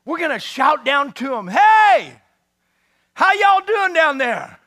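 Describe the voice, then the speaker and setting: A man voicing a daring young warrior prince who talks in a bold, loud and excited way. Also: very high voice, measured pace, exaggerated voice.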